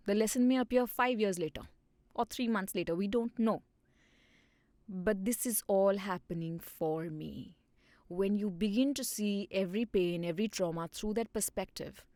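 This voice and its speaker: Woman, hypnotherapist guest, expressive and animated, dry close studio sound. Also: medium pitch, dry recording. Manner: animated, acts out inner dialogue. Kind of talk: podcast conversation.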